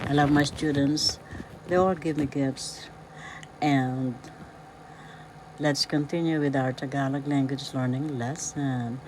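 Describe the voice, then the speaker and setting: A woman teaching a language lesson, breaking words into syllables and repeating them slowly. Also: sits low. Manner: syllable-by-syllable pronunciation drilling, warm greetings. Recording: loud background noise, passing vehicles.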